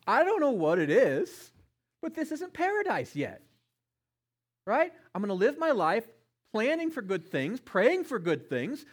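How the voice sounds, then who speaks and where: A middle-aged man preaching a sermon, passionate, swinging between loud emphasis and hushed tones. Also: extremely high pitch, huge pitch swings, a little slow. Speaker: pastor.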